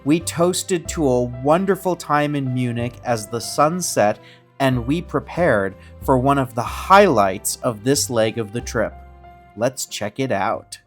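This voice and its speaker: A woman hosting a travel show, giving calm, measured scripted narration. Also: extremely low pitch. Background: faint guitar music.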